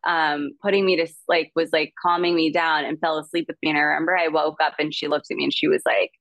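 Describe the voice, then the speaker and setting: A woman guest tells a story in a relaxed, chatty way, with lots of fillers and quick laughs. Her voice sits low, but it jumps up whenever she acts out someone she quotes. The sound is close and dry. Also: no echo. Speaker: guest actress. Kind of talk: casual storytelling in an interview.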